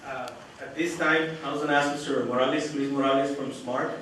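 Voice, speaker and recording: A man's voice: mid-range voice, steady tone, brisk, fairly bright tone. A man at a public meeting explains a purchase plainly, his mid-range voice caught from across the room. Strong echo and a light hiss surround every word. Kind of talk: meeting remarks. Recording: very echoey room audio from far off.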